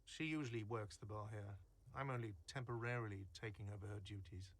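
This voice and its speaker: A man's voice: fairly low pitch, fairly quick, a bit bright. An actor voicing a grumpy, defensive male cafeteria manager in a detective game, curt and irritable.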